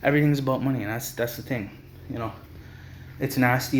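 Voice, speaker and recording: A man's voice: mid-range voice, steady tone, fairly quick, long pauses. Young Canadian man, heated profane vlog rant, mid-range voice, faint background hum. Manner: heated, profane, repeats himself and trails off. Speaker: vlogger. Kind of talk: angry rant to camera.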